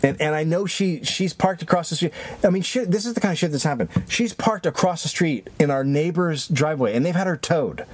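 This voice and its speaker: A man's voice: a little high, brisk, breathy edge. Swearing man telling a rambling story. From lives in Los Angeles. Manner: rambling, animated, heavy swearing. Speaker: podcast co-host. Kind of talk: casual profane storytelling.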